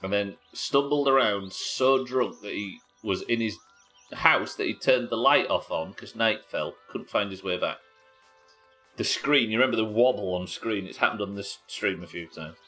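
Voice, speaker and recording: A young British man streams a game live, his voice sitting a little low as he chats with viewers and narrates each step. He swears freely and keeps a loose, friendly flow, with faint music playing behind him. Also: normal speed, bright, forceful tone. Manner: chatty, sweary, talks to chat while working. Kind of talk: live gameplay commentary.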